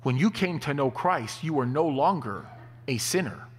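A man preaching a sermon, telling stories in an animated way. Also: on the high side, moderate pace, slightly rough. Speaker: pastor. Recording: long hall reverb.

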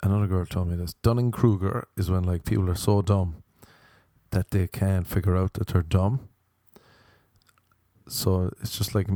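Rambling Irish man with a mellow voice. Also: deep voice, dry recording, studio quality. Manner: rambling, self-deprecating. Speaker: podcast host. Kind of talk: casual comedic storytelling.

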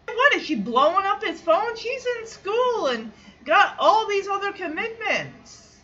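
A woman hosting a fan podcast, recapping a sitcom episode in a casual, animated way with chatty asides. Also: extremely high pitch, normal speed, muffled recording. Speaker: podcast host.

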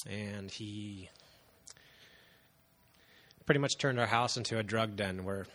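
A man in his thirties shares his personal testimony before a congregation. His voice sits fairly low, and he speaks earnestly and haltingly, often pausing on fillers. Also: fairly bright tone. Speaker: church member giving testimony.

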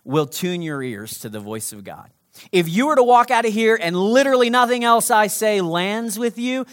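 Animated pastor with a lively voice. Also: male voice, sits high. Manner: animated, swings from shouting to whispering. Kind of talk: sermon.

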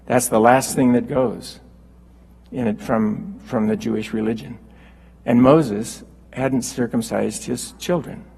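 A man preaching a sermon, unhurried and halting with fillers, rising when he quotes scripture. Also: mid-range voice, steady tone, gravelly, a little mellow, breathy edge, big-room sound, poor audio.

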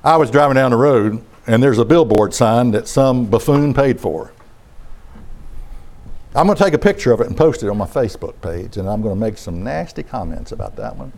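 Animated, folksy male preacher. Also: medium pitch, brisk, creaky. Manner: folksy, conversational, sarcastic. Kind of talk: sermon.

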